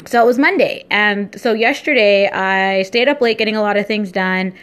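A young woman vlogger and entrepreneur talking casually in a daily vlog, upbeat, chatty and easily excited. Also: mid-range voice, moderate pace, smooth.

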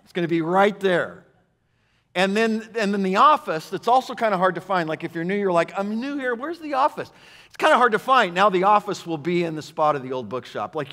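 A male pastor preaching a sermon, animated and repetitive for emphasis, swinging between loud declarations and hushed passages. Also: a little high. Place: church sanctuary. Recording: sanctuary with long reverb.

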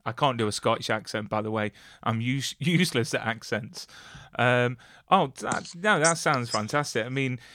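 A man's voice: medium pitch, normal speed, pushed and bright, no echo, studio quality. A man hosting an interview, chatty and enthusiastic with many fillers. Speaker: interviewer, host. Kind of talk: casual interview.

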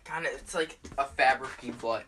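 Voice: medium pitch, moderate pace, sharp tone, a little hiss or hum. A co-host in a casual chat among friends, explaining game rules with frequent fillers. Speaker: podcast co-host.

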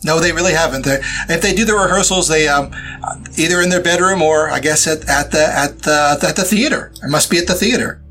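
A man's voice: fairly high pitch, brisk, pushed and bright, faint music behind. A man voicing a polite, flustered older homeowner in her sixties who stammers as she talks. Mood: flustered politeness.

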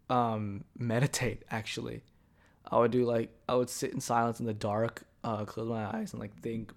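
A young man talks alone into his podcast mic, meandering from story to story. He swears freely and jokes at his own expense, with a voice of ordinary pitch for a man. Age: young adult. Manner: rambling, profane, joking storytelling. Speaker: podcast host. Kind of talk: casual solo podcast monologue.

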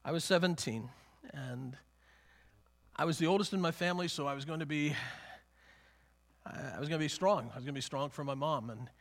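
A man preaching in a church with a voice pitched a little above the usual for men. He talks haltingly, repeating his words and breaking into small chuckles as he tells a personal story in a sermon. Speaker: pastor.

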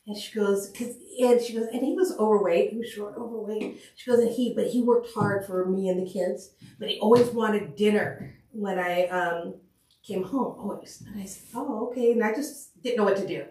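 A woman talks through memorable calls from her paramedic career in a relaxed, storytelling way. She slips into the voices of the people she quotes. Her voice sits at a middle pitch and sounds roomy, picked up from a distance. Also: moderate pace. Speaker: paramedic guest. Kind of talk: casual storytelling on a podcast. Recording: echoey room, mic at a distance.

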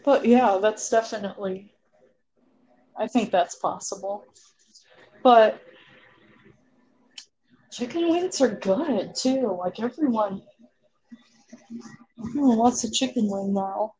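A woman co-hosting a casual podcast chat, giggling often and filling pauses with um and like. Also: medium pitch, expressive, warm tone. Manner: giggly, drawn-out, lots of fillers. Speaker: podcast co-host.

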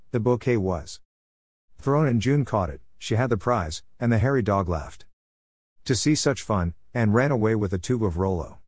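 A man's voice: fairly low pitch, darkish tone, no room sound, clean studio sound. A man reading a comic story aloud as narrator, playfully voicing the characters' lines.

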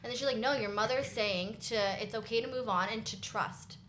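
A woman's voice: on the high side, fairly quick. Woman chatting in an echoey room. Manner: animated storyteller who quotes others. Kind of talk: casual chat. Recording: roomy echo with light noise.

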